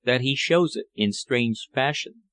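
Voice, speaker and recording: A man's voice: medium pitch, unhurried, fairly bright tone, no echo, natural voice. Intense foreign lover, scornful and passionate, declaiming, as a male narrator reads him in a storybook. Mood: tender. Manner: fervent, declamatory.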